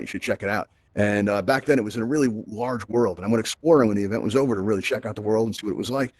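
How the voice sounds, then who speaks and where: A man's voice: mid-range voice, a little mellow, no room sound. A man hosting a live virtual reality event, teaching his audience in an upbeat, chatty way and often checking in with "right?". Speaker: host.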